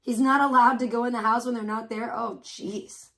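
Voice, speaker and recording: A woman's voice: fairly high pitch, steady tone, fast talker. A woman hosting a livestream and chatting casually with viewers, outspoken and blunt, with a child of her own. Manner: outspoken, swears freely, reacts with loud disgust; chatty, full of fillers and questions to chat. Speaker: livestream host; parent of a young child. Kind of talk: casual chat reacting to viewers' messages.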